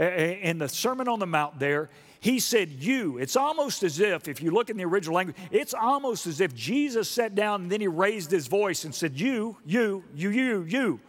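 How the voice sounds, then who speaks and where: A man preaching a sermon emphatically, asking the congregation questions and building up to loud repeated stresses. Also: fairly high pitch. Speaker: pastor. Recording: long reverb of a large hall.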